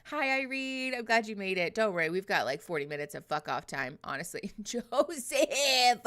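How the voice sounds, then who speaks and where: A woman's voice: a little high, sing-song, moderate pace, few pauses, a bit bright. A woman hosting a livestream, chatting casually with viewers, giggling often, swearing freely and using lots of fillers, close to a desk microphone. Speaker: livestream host.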